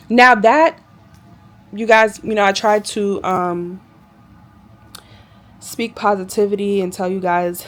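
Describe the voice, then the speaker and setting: A woman's voice: mid-range voice, measured pace. A woman flight attendant telling a work story to her viewers in a chatty, exasperated vlog style.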